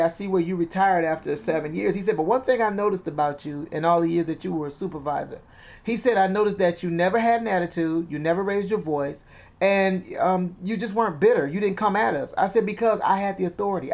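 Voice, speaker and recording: Quick and chatty, this middle-aged host has a lowish, darkish voice with vocal fry. On her inspirational channel she gives a casual spiritual talk, repeating phrases, quoting scripture and recounting conversations.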